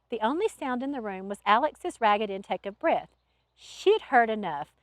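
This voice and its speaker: A woman author reading her own novel aloud in an expressive storytelling manner. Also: fairly high pitch, moderate pace, dry recording. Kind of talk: audiobook narration.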